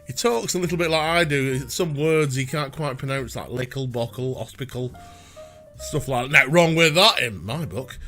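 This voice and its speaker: A man's voice: medium pitch, a bit bright. A man hosting a casual reaction video, chatty, rambling and playful. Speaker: reaction channel host.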